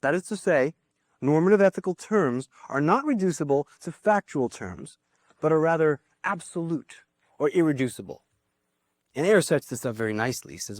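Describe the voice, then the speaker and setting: A man's voice: on the high side, lively intonation, moderate pace, dry recording, clean studio sound. A man giving a philosophy lecture to a class, thinking aloud with small restarts and asides.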